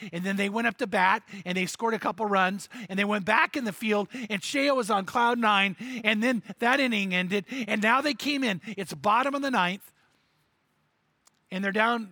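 A man's voice: sits high, sharp tone, dry recording. A man preaching a sermon and telling a story, acting out the characters' lines with animation and repeating words as he goes.

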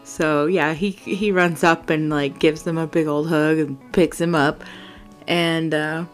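A woman hosting a solo tabletop game podcast, narrating in a relaxed, rambling way. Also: sits low, a little slow, soft background music.

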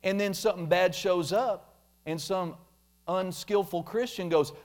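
A man preaching a sermon, animated, acting out quoted complaints in mocking voices. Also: sits high, a little slow. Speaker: pastor.

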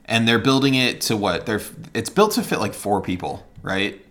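A co-host in a casual movie review chat, critiquing in an animated, worked-up way. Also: mid-range voice, moderate pace. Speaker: podcast co-host.

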